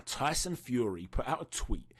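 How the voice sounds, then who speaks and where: Male host, husky tone, chatty and opinionated in casual fight-news commentary. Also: mid-range voice, big pitch swings, moderate pace, fairly bright tone. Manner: chatty, opinionated, asks viewers for their views. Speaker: boxing channel host.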